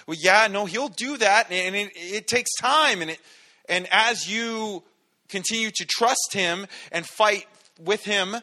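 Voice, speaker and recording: Bright-voiced male pastor, casual preaching. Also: high voice. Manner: conversational, playful, acts out little voices. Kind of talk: casual sermon. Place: church sanctuary.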